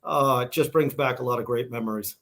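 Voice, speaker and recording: A middle-aged man with a Boston accent recalls his career in an easygoing podcast chat. His pitch sits in the middle of the range, and he rambles, restarting sentences and leaning on fillers. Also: fairly quick, a bit bright. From Massachusetts, USA. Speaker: guest, shoe company founder. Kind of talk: casual interview storytelling.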